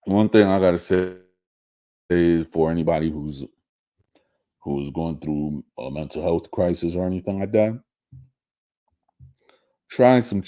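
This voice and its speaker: A man hosting a casual live stream, talking in a halting way with many restarts and fillers. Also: deep voice, mellow. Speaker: show host.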